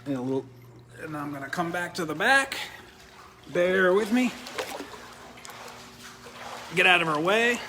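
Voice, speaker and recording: A man's voice: high-pitched, animated, a little slow, long pauses, noisy background. A man hosting a live product demo beside a swim spa, chatty, explaining as he goes with restarts. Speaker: host and triathlon coach.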